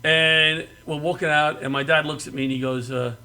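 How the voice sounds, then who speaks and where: A middle-aged man from the New York area telling comic family stories, animated and often laughing and yelling. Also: a little high, normal speed. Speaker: guest comedian. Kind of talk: comic storytelling.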